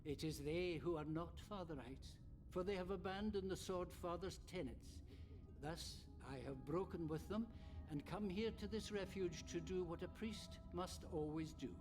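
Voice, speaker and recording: An actor playing an earnest renegade priest who speaks in a formal, solemn, sermon-like way. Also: male voice, sits high, moderate pace, over music, natural voice. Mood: pleading, solemn. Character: earnest male renegade priest, devout and gentle. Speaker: game character.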